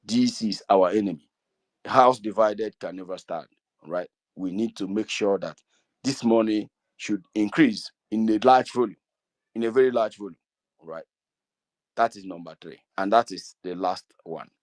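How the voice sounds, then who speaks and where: A middle-aged Igbo man with a Nigerian accent addresses an online gathering. His voice sits low and the sound is dry and close. He talks earnestly, repeats himself and pleads with his audience. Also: moderate pace, dry recording. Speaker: community speaker. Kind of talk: speaking to an online meeting.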